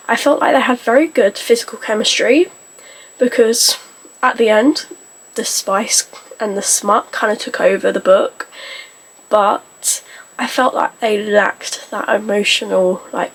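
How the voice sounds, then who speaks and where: A woman book vlogger talking in a casual, rambling way and often stopping to rephrase. Her voice sits fairly high and has a gravelly, slightly husky edge. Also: low-quality recording. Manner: rambling, self-correcting, chatty. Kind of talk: casual chat.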